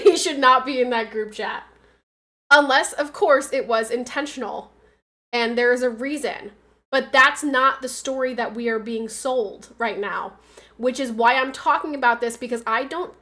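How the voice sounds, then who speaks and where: A woman's voice: sits high, pushed and bright. A woman livestreaming from home in a casual chat, arguing back at her chat with emphatic, insistent points.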